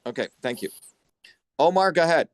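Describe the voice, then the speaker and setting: A man hosting an online symposium, lecturing forcefully and bluntly over a video call, swearing for emphasis. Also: a little high, animated, brisk, dry recording. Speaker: symposium host and educator.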